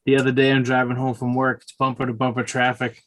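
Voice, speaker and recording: A man chatting on a podcast tells his stories loosely, restarting his sentences and circling back. His voice stays level and flat, with little rise and fall. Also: mid-range voice, fast. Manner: rambling, many restarts and fillers. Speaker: podcast co-host. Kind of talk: casual chat.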